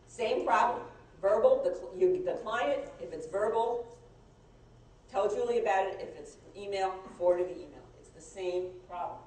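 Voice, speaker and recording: Woman lecturing in an echoey room. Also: medium pitch. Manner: conversational, halting, frequent restarts. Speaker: outside compliance lawyer giving training. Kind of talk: live compliance training talk. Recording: echoey room, mic far off, faint noise.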